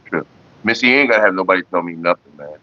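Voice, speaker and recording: A man hosting a livestream who tells profane, animated stories in a casual way and chats with viewers. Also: low-pitched, quick pace, no room sound, highs cut off. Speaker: livestream host.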